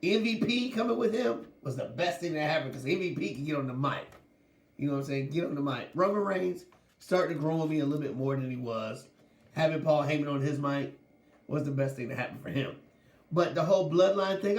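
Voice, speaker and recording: A man's voice: on the high side, expressive, a little fast, echoey room. A man hosting a sports podcast, talking casually with lots of slang and laughing as he goes. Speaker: podcast host.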